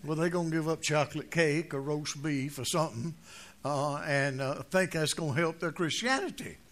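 An older man preaching a folksy sermon, telling stories and jokes, dropping to quiet asides and rising to loud emphatic points. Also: a little high, moderate pace.

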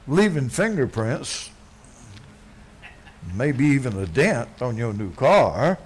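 A man preaching a blunt, folksy sermon, dropping to quiet asides and then yelling. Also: mid-range voice, big pitch swings, slow pace, pauses often, slightly rough. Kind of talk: fiery sermon.

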